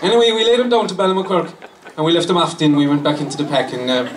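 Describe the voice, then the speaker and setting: A man's voice: fairly high pitch, expressive, very fast. An Irish man, a former racer, giving a laughing, anecdotal speech to a crowd at a celebration. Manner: laughing storyteller who acts out quotes. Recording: distant mic, echoey, crowd noise.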